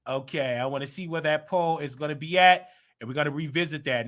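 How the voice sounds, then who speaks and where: American male livestream host, chatty and animated, slightly high voice, keeps clearing his throat. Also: brisk. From United States. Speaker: show host. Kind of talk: livestream commentary talking to the chat.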